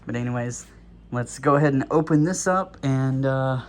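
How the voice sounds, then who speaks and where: A man's voice: medium pitch, normal speed, slight background noise. Easygoing man unboxing, a bit breathless. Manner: rambling and easygoing, with many fillers. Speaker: toy and prop reviewer. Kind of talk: casual unboxing talk.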